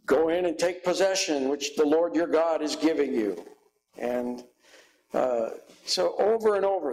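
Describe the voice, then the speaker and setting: A guest pastor, a man, preaching a sermon in a church, slow and halting with frequent fillers. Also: a little high, a little mellow, low-quality recording.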